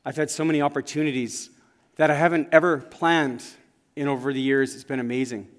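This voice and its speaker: In a sermon recorded with the long echo of a big church hall, a man preaches from the sanctuary, telling stories earnestly and conversationally. His voice is medium-pitched and steady, and he speaks fairly quickly.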